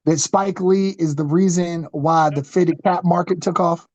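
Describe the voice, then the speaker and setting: Podcast co-host, male, high-pitched, loose and rambling, muffled dry recording. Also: steady tone, measured pace, a little mellow, no room sound. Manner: rambling, full of fillers like "you know what I'm saying". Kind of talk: casual chat.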